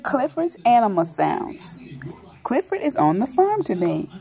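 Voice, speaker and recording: Slow, playful mom reading a picture book. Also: female voice, fairly high pitch, very animated, vocal fry, mellow. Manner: playful, coaxing, imitates animal sounds. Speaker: mother reading to her toddler.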